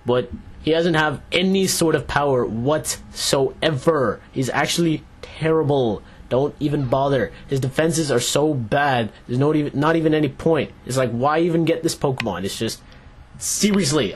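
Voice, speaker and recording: A man's voice: a little high, moderate pace, husky. A young man hosting a video game playthrough, chatting casually and rambling as he reads the on-screen dialogue aloud. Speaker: Let's Play host. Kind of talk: casual gameplay commentary.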